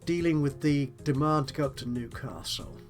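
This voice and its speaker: A man's voice: on the high side, moderate pace, soft background music. A man talking through a strategy game as he plays, musing aloud in a politely chatty, self-deprecating way. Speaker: let's play host. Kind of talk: gameplay commentary, thinking aloud.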